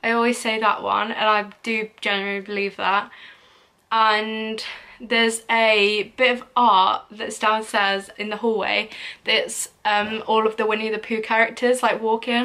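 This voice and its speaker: A woman's voice: a little high, little pitch movement, unhurried, pushed and bright. A young woman chatting casually in a Q&A vlog, rambling and giggling as she answers. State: out of breath. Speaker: YouTuber.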